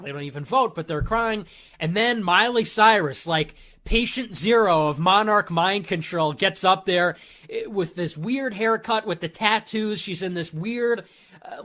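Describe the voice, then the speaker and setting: A man's voice: high voice, pushed and bright. A man hosting a commentary show, ranting in a sarcastic, mocking way and slipping into put-on voices. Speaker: show host.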